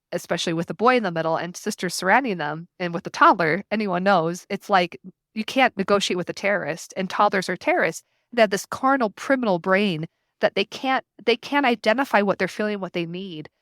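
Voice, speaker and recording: Low-voiced earnest mother, dry sound. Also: a bit bright, no echo. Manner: earnest, reflective, talks in long flowing runs. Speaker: podcast guest. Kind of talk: casual conversation.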